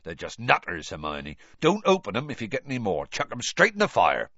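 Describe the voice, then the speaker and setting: A man voicing a big, gruff but kindly male half-giant gamekeeper, speaking roughly and gently, in a storybook reading. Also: fairly low pitch, huge pitch swings, brisk, no room sound, dull audio, full character voice. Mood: reassuring.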